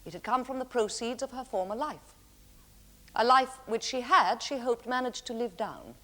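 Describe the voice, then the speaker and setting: An actress playing a defence barrister addressing the jury with a formal, earnest plea in a 1970s television courtroom drama. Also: female voice, a little high, normal speed, fairly bright tone, natural voice. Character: composed female barrister defending client. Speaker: defence counsel.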